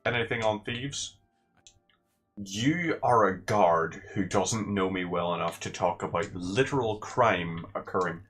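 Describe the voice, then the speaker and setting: A man's voice: low-pitched, unhurried, a bit bright, faint music behind. A man giving casual, sarcastic gameplay commentary with rambling asides.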